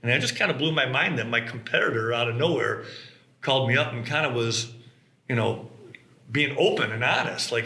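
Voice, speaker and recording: A mobile home business co-founder tells how the company got started, speaking casually in a bright, forward, medium-pitched voice at a fairly quick clip. He animates his stories and acts out the quotes, while the room rings with a roomy echo.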